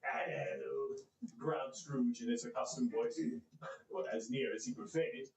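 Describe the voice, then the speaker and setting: A man performing a theatrical one-man telling of a classic tale, animated and swinging his voice to play the characters. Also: medium pitch, moderate pace. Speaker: storyteller. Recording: echoey room.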